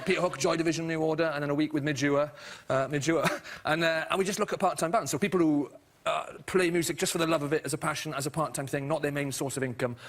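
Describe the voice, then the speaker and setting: Casting: rapid, husky-voiced male comic, excitable and gushing. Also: a little high. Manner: excitable, fast, repeats himself. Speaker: guest comedian. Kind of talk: chat show anecdote.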